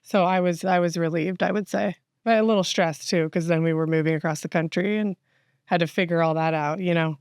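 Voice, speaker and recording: Warm, reflective woman guest. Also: lowish voice, fairly even intonation, brisk, smooth, no room sound, clean studio sound. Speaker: interview guest. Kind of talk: candid conversation.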